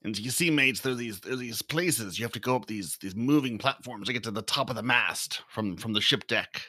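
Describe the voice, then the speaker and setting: A man's voice: on the low side, fairly quick, bright, forceful tone, no room sound, clean studio sound. A man co-hosting a podcast, teasing his friends and slipping pirate slang into casual chat. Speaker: podcast co-host.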